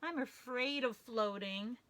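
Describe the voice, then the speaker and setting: A woman's voice: fairly high pitch, slow pace, a bit bright. A woman voicing a worried, tidy male bear in a storybook read-aloud, talking in a nervous, fretful way.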